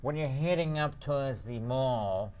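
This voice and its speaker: A man's voice: medium pitch, lively intonation, measured pace, a little mellow. A man hosting a local variety show, teasing his guests with constant jokes and laughter. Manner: teasing, wisecracking, laughs often. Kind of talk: joking local cable show banter. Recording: faint room noise.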